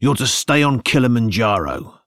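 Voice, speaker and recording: A man's voice: medium pitch, sing-song, normal speed, fairly bright tone, no room sound, voice pushed up. A man voicing a big red-bearded male settler in an audiobook, speaking firmly and insistently. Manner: firm, insistent.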